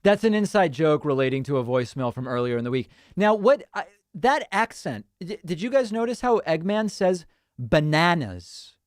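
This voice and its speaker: A man's voice: a little high, sing-song, moderate pace, dry recording, studio quality. A man hosting a live-stream show, chatting casually and reacting to listener voicemails and chat messages. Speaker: show host.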